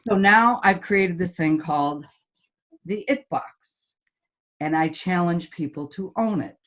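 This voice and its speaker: A middle-aged woman who is a golf teaching pro and motivational speaker tells blunt, vivid stories in a podcast interview, acting out quoted voices with lively energy. Her voice sits on the low side and moves at a measured pace.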